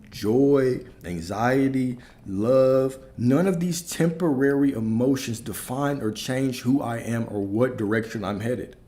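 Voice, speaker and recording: A man's voice: mid-range voice, warm tone. A man giving a spiritual talk as a coach, preaching emphatically, repeating key phrases and asking rhetorical questions.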